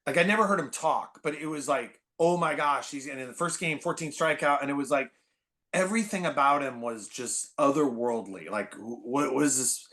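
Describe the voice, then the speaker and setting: A man in his forties from the Bay Area, a podcast guest telling stories in an animated, rambling way full of "like". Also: medium pitch, normal speed. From San Francisco Bay Area. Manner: animated, filler-heavy, constant "like". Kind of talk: casual storytelling chat.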